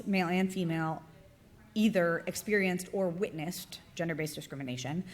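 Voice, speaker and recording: A woman's voice: mid-range voice, a little mellow. A woman in her thirties giving a conference talk in a chatty lecturing manner, often adding "right?" and "like" as she goes. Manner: conversational, frequent "right?" and "like" fillers. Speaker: conference presenter.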